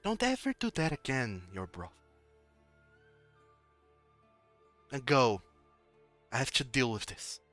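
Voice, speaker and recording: A man's voice: mid-range voice, huge pitch swings, moderate pace, fairly bright tone, soft background music. A man voicing a stern, indignant noble lady in a tabletop game, giving clipped, commanding orders.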